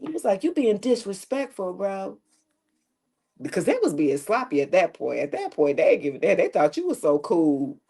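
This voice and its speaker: A woman's voice: on the low side, big pitch swings, normal speed, dark tone, slightly rough. A woman reading tarot on a live stream, chatting casually and joking with slang and profanity, often laughing as she talks.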